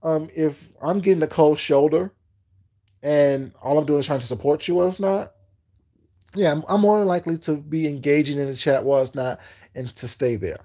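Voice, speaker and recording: Gravelly, husky man chatting casually. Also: fairly high pitch, normal speed, warm tone. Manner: rambling, repetitive, with frequent "you know what I'm saying". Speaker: livestream host. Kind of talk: casual chat with viewers.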